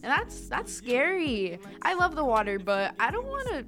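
A playful young woman co-hosting a student podcast, her voice sitting a little high. She chats casually and giggles often, slipping in Spanish words here and there. Faint music plays behind her. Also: huge pitch swings, normal speed. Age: young adult. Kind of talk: casual chat.

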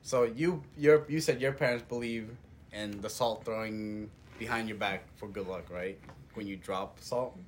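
A woman's voice: extremely low pitch, measured pace, darkish tone, slight background noise. A woman co-hosting a podcast in casual chat, laughing often and teasing her friends. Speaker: podcast co-host.

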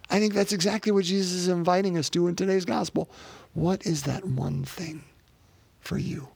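A man's voice: high voice, fairly even intonation, moderate pace, vocal fry, darkish tone, slightly rough, dry recording. A man preaching a sermon as a pastor, in a conversational way that repeats words and speaks straight to the congregation.

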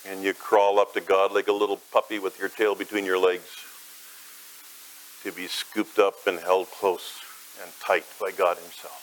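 A man preaching a sermon as guided imagery, dramatic, swelling loud and high, then dropping soft and low. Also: level tone, a little slow, rough recording.

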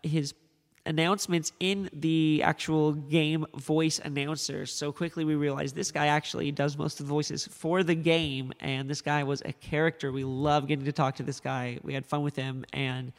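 A man's voice: a little high, little pitch movement, moderate pace, big-room sound. A man co-hosting a casual podcast, telling joking, rambling stories. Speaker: podcast co-host.

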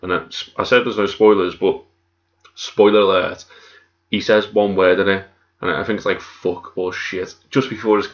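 A man's voice: deep voice, flat delivery, normal speed. A man co-hosting a casual chat, full of swearing and banter. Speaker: podcast co-host. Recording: echoey room, dull sound.

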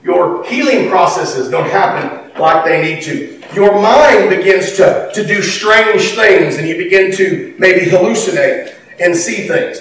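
A pastor preaching a sermon in a church, talking conversationally with emphatic bursts. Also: male voice, sits high, a little hiss or hum. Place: church sanctuary. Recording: echoey hall from far off, faint ambience.

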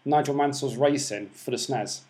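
A man's voice: mid-range voice, moderate pace, a little mellow. A man co-hosting a podcast, chatting casually about video games, joking and swearing freely. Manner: swears freely, jokey and opinionated.

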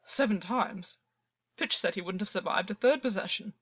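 A woman voicing a gentle, protective young male fae, with soft, anxious questioning, on a dull, lo-fi recording. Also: mid-range voice, moderate pace, husky. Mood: alarmed.

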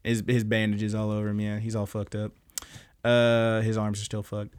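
A young man with a smooth, resonant voice chats through an anime recap on a podcast. He talks in a loose, animated way, swears a lot, and slips into the characters' lines as he goes. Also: on the low side, moderate pace. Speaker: podcast host. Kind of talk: casual recap chat.

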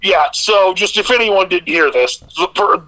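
Man, sports podcast co-host, bright and slightly high voice, chatty and rambling. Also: a little slow, rough recording. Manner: rambling, animated storytelling with many fillers. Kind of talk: casual sports chat.

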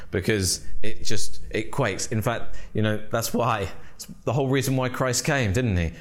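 Emphatic male pastor preaching. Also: on the low side. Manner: emphatic, with dramatic pauses and rhetorical questions. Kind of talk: sermon.

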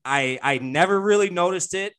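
A man with a high-sitting, slightly bright, smooth voice talks at a moderate pace. He is a podcast co-host in a casual chat, rambling along with lots of fillers and restarts.

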